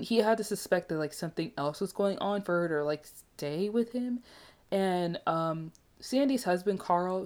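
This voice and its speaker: A woman giving a casual, animated movie review, chatty and emphatic with frequent asides. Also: on the low side.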